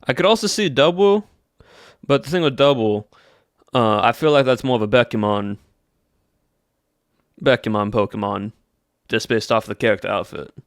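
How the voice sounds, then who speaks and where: A man's voice: mid-range voice, moderate pace, long pauses, no room sound, clean studio sound, lightly acted. A man putting on a folksy Southern cowboy. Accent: put-on Southern US. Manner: folksy drawl, says y'all. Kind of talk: casual livestream chat.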